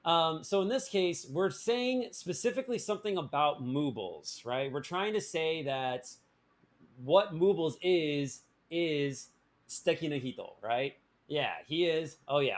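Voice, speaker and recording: A man with a fairly high voice runs a live-streamed grammar lesson. He jokes and teases his viewers, restarting sentences and leaning on fillers as he explains. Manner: playful, joking, with many fillers and restarts. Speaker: language teacher.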